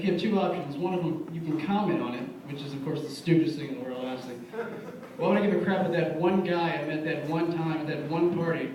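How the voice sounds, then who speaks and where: A man's voice: a little high, a little mellow, a little hiss or hum. A young man doing a stand-up comedy set, telling stories in a loose, conversational way and acting out his friends' lines. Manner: conversational storytelling, acts out friends' quotes. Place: bar music venue. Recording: echoey, distant room mic. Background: audience laughter.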